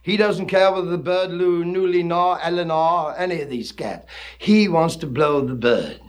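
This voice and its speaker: A man's voice: on the high side, moderate pace. A man performing a comic poem recitation in hipster jive slang, with a theatrical, dramatic delivery.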